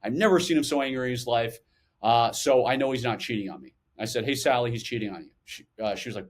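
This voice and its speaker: Animated man telling stories. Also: medium pitch, fast talker. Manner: animated, acts out quotes. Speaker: guest, former intelligence officer. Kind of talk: storytelling interview answers.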